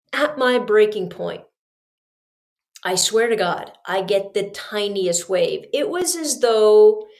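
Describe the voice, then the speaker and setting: A woman hosting a podcast, telling a story in a chatty, animated way and talking straight to her listeners. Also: mid-range voice. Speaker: podcast host. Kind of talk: storytelling monologue.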